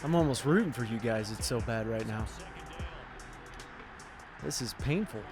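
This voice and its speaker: A young man commentating a football video game in a hyped, rambling way, yelling at big plays. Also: mid-range voice, normal speed, over music. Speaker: gaming channel host.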